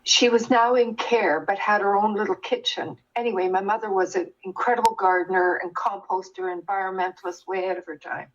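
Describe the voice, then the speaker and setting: An older woman speaks with a slightly husky, breathy voice as she tells a personal story in earnest. She restarts her sentences often and grows animated as the story builds. The sound is muffled and lo-fi. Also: medium pitch, fairly quick, hardly any pauses. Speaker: guest sharing her experience.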